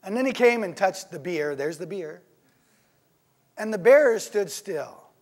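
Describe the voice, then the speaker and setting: High-voiced preacher asking rhetorical questions. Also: male voice, a little slow. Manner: conversational, animated, asks the congregation frequent rhetorical questions. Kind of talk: sermon. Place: church.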